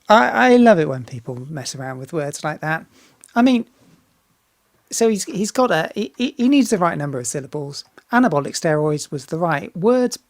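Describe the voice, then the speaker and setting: A woman's voice: low voice, darkish tone, no echo. A woman singer talking casually as she reacts to a music video, often restarting and repeating words, swearing freely and getting enthusiastic.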